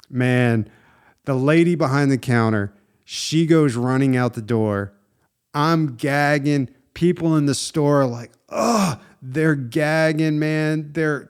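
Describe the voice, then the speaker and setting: A man's voice: mid-range voice, takes it slowly, clear, resonant tone. Laid-back man telling a story. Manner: animated and conversational, with frequent "dude" and "man", laughs at himself. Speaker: podcast host. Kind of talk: casual storytelling.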